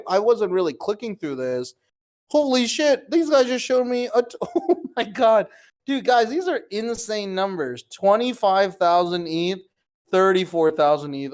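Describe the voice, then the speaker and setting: Young man, casual streamer, higher-pitched, incredulous, profane. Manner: incredulous, excitable, swearing, addresses viewers as guys. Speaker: crypto streamer. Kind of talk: live screen-share commentary.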